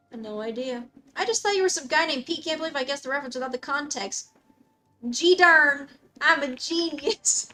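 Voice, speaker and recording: A young woman streaming a game, chatting casually with her viewers in a bubbly, excitable way, often breaking off to talk to her dog. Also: high-pitched. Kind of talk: casual live-stream chat reading comments. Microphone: desk mic, dog close by.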